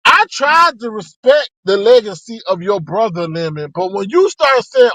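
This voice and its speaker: A man giving sassy, animated live-stream commentary to his chat. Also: normal speed, few pauses, no room sound, rough recording. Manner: sassy and animated, with sharp pitch swings.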